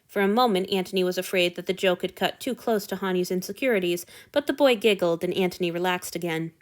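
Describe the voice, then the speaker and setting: A woman reading fan fiction aloud with expressive storytelling narration. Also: fairly low pitch, quick pace. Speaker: audiobook reader.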